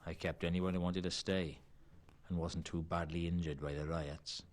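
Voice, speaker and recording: Surly Welsh half-elf bartender, played by a man, gruff, very deep, evasive. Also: fairly even intonation, moderate pace, close to an everyday voice. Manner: curt and evasive. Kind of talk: video game voice acting.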